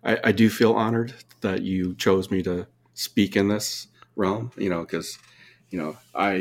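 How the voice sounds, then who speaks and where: A man's voice: fairly low pitch, measured pace. A man from California, a podcast guest who jokes around and pokes fun at himself. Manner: joking, self-deprecating, lively. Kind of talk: casual chat.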